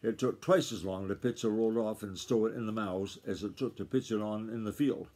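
A man reading a novel aloud to his family in a steady storytelling voice, with small slips now and then. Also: fairly low pitch, a little fast.

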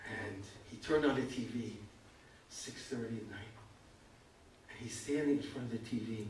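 An older American man telling a humorous story at a community evening, self-mocking and animated, acting out other people's lines. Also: lowish voice, normal speed, long pauses, slight background noise. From United States. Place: event hall. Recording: echoey hall, far from the mic.

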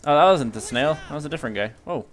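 A young man giving live gameplay commentary as a video host, excitable and yelping at sudden action. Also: fairly high pitch, quick pace, a little hiss or hum.

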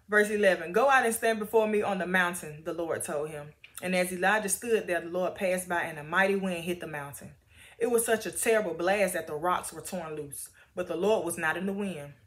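A woman reading Bible passages aloud and commenting in a chatty, animated way. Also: fairly low pitch, brisk. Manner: animated, chatty, laughs often. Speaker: Bible story teacher.

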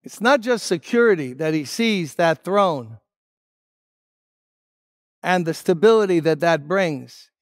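Emphatic high-voiced male preacher, slow. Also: lively intonation, no echo, clean studio sound. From United States. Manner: emphatic, drops to hushed tones and rises on key words. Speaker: pastor. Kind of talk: sermon.

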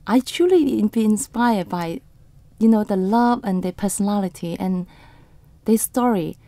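A woman in her thirties, a photographer on a radio interview, speaking haltingly with restarts and slightly non-native grammar. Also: mid-range voice, animated, dark tone, no echo.

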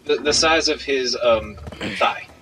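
A man's voice: mid-range voice, measured pace, low-quality recording. A young man co-hosting a let's play, joking and reacting to the game as he plays. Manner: joking banter, reacts to gameplay. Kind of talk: casual gaming commentary.

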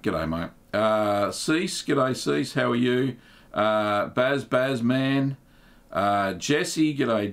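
A middle-aged man, hosting a casual livestream in a relaxed, chatty way, with plenty of ums and uhs. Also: medium pitch, vocal fry. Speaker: livestream host.

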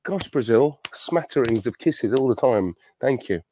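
A man's voice: mid-range voice, animated, unhurried, mellow, a little hiss or hum. A middle-aged man, an actor, answering fan questions on a virtual panel, chatty and self-deprecating, thinking aloud as he goes.

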